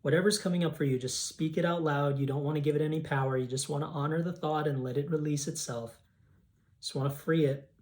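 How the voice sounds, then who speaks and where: A man's voice: a little high, steady tone, fast, a little mellow. A man coaching a guided tapping session, voicing grief affirmations aloud for the listener to repeat. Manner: leads scripted affirmations, speaks emotions aloud.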